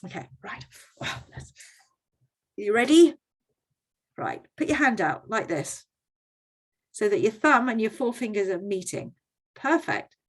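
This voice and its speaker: A woman's voice: on the high side, big pitch swings, a little slow, long pauses. A woman presenting a workshop in a conversational teaching style, often checking in with her audience.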